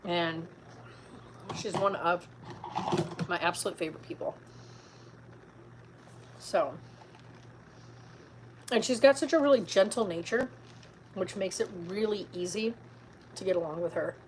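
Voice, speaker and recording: A woman's voice: lowish voice, unhurried, long pauses, slight background noise, poor audio. A middle-aged woman vlogging in a casual, rambling chat, tired and full of fillers, talking from a car.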